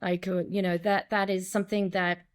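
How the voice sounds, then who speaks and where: A woman director and acting coach chats in a casual interview. She talks in an animated way and restarts her sentences often. She acts out lines and quotes as she goes, in a mid-range voice. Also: medium pitch, moderate pace, clean tone.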